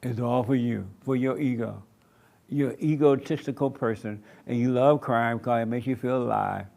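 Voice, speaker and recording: Gravelly man preaching with emphatic repetition. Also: medium pitch, steady tone, normal speed, a little mellow. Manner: emphatic, repeats short commands. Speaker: pastor. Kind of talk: sermon to a small congregation. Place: church meeting room.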